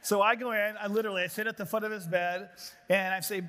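A middle-aged man preaching a sermon to a gathering of pastors, telling animated stories with jokes. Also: high voice, fast talker. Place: large hall before an audience of pastors. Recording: long hall reverb.

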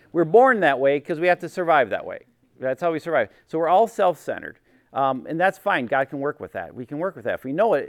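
This is a former chaplain, now a workshop speaker, giving a casual teaching talk to a group. The middle-aged man's mid-range voice comes through a dry, clean studio recording, and he acts out small quotes while repeatedly asking "right?".

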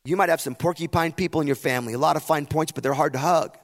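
Gravelly-voiced man preaching in a hall. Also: fairly high pitch, fast. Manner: storytelling, builds to impassioned emphasis. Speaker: pastor. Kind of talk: sermon. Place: camp meeting hall. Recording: long hall reverb.

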